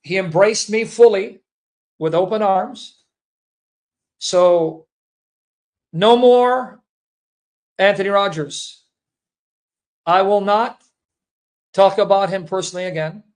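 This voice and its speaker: A man's voice: high-pitched, slow, long pauses. A man speaking earnestly and emotionally to his viewers, a Christian apologist who repeats himself and calls them brethren. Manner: earnest, repetitive, addresses listeners as brethren.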